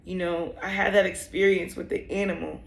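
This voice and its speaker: A woman's voice: on the low side, little pitch movement, brisk, creaky, reverberant. A young woman telling a personal story in a vlog, candid and emotional, rambling with many fillers. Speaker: vlogger.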